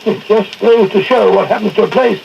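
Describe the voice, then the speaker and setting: An earnest, hearty doctor tells his story with a few flustered stumbles. His voice sits high, and the 1940s radio recording sounds dull and lo-fi with faint hiss. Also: brisk, gravelly. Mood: narrating.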